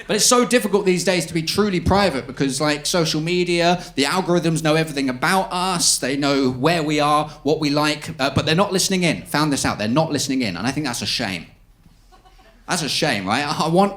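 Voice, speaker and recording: A man's voice: fairly high pitch, expressive, a little fast, a bit bright. A man doing a stand-up set, chatty, with conspiratorial asides to the audience. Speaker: stand-up comedian.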